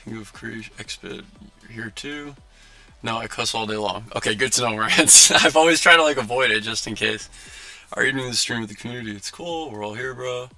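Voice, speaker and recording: A man in his twenties hosting a casual livestream, telling a story with lively acted-out quotes and many filler words. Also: mid-range voice, moderate pace, soft background music. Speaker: livestream host.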